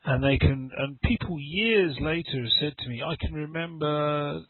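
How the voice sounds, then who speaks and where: Over a video call, a middle-aged man runs a casual online English lesson at a moderate pace, his voice on the high side. He rambles, says words again and stages little dialogues, and the recording sounds dry and tinny.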